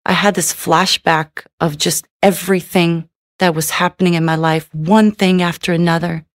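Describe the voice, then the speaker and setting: A woman sharing a personal testimony in an earnest, halting way, often adding "you know". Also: fairly low pitch, fairly even intonation, no room sound, studio quality. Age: adult with a daughter.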